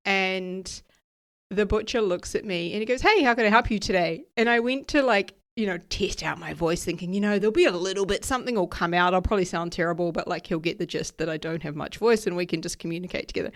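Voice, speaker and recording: A woman hosts a solo podcast. Her voice is raspy and nasal as she recovers from losing it, and her casual chat is upbeat, often checking in with "right?". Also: fairly low pitch, quick pace. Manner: chatty and upbeat, laughs often, uses "right?" and "okay?" as tags. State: recovering from lost voice. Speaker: podcast host and ADHD coach.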